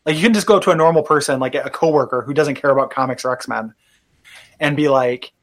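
A man's voice: mid-range voice, quick pace, a bit bright. A man hosting a casual chat on a stream, playful and rambling, with many filler words. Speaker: stream host.

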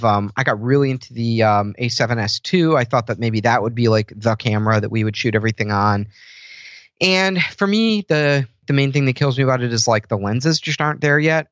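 A man's voice: mid-range voice, a little fast, fairly bright tone, dry recording, lo-fi sound. A man talking casually as a podcast guest, rambling with lots of fillers and restarts. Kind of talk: casual conversation.

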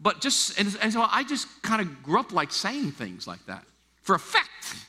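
A middle-aged American man preaching a sermon, animated and acting out the voices he quotes. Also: high voice, moderate pace. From United States. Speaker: pastor. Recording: long hall reverb.

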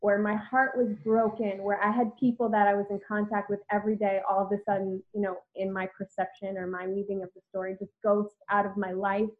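A woman's voice: mid-range voice, flat delivery, fairly quick, few pauses. A woman hosting a podcast, telling a personal story candidly and reflectively, with many "like"s. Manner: reflective, heavy use of "like". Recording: tinny phone-like audio.

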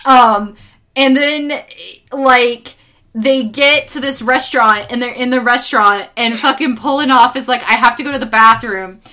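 A woman's voice: on the high side, moderate pace, pushed and bright. A woman in casual podcast chat, exasperated and swearing as she recaps a show and acts out quotes.

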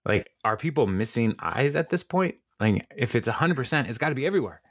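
A man's voice: mid-range voice, very animated, fast, no echo, studio quality. A man co-hosting a podcast, casually recapping a TV episode with many ums and frequent laughs. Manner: rambling, many ums and uhs, laughs often. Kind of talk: casual chat.

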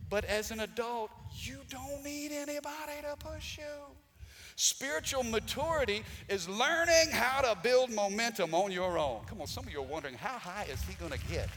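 A man's voice: high-pitched, fairly bright tone, long reverb tail, a little hiss or hum. A man preaching a Sunday sermon as pastor, calling for responses from the congregation and rising to emphatic peaks. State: out of breath. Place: church sanctuary.

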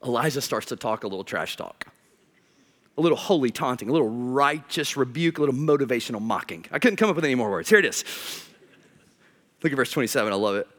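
A man preaching a sermon, animated and joking, swinging between loud emphatic peaks and low quiet asides. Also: fast talker. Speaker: pastor.

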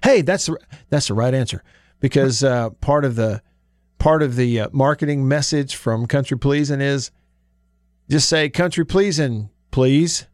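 A man hosting a sports radio show, chatting in a folksy, easygoing way with drawn-out emphasis. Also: medium pitch, dry recording, clean studio sound. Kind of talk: casual sports talk radio. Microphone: studio microphone.

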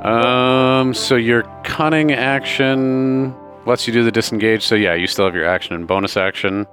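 A man's voice: mid-range voice, steady tone, moderate pace, fairly bright tone, faint music behind. A man running a tabletop game as game master, casual and joking in his rulings.

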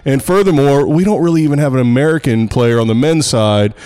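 A man's voice: medium pitch, brisk, mellow, clean tone. Guy from pittsburgh hosting a podcast, jokey, rambles through his questions. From Pittsburgh area. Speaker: podcast host and college tennis coach. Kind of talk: casual podcast chat.

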